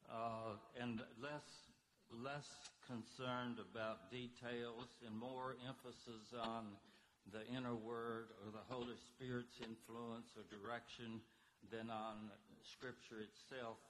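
Slow, halting male lecturer. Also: mid-range voice, a bit bright, a little hiss or hum, rough recording. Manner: halting, many fillers and pauses. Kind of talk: unscripted history lecture.

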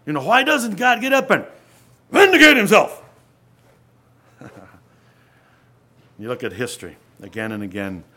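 A man preaching an earnest sermon, often dropping to a hush and then rising to loud emphasis. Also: on the low side.

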